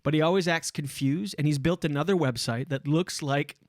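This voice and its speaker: A man hosting a casual podcast who tells stories animatedly and swears freely. His voice sits a little high for a man. The sound is close and dry on a studio mic. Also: brisk, no room sound. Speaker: podcast host.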